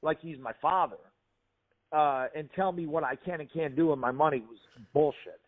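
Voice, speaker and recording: Male radio caller, fast and high-ish, heard through a thin phone line. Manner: animated, quoting others in his story. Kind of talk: storytelling on a radio show.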